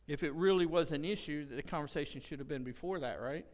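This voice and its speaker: A man preaching a sermon as pastor in a church, impassioned, getting loud when he acts out what someone would say. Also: fairly high pitch, fast talker. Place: church sanctuary. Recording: long church hall reverb.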